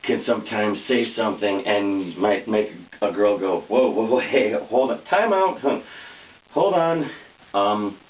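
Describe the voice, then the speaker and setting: A man talking earnestly to camera in a casual personal vlog, rambling and restarting his sentences. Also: fairly low pitch. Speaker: vlogger. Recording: echoey, distant, phone-like tinny sound.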